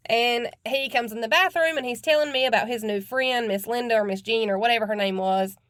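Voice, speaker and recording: A blunt, chatty woman host talking through a true crime case in a loose, conversational way. Her voice sits a little high, and the sound is dry and close with no room echo. She swears now and then and keeps it casual. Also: a little fast, a bit bright. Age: adult with children.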